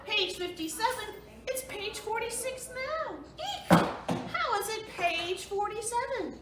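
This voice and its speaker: A woman voicing an excitable little female storybook pig who squeals and exclaims. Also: very high voice, measured pace, far from the mic, very noisy, pitched above the performer's own voice. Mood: alarmed. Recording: roomy room, voice a bit off-mic.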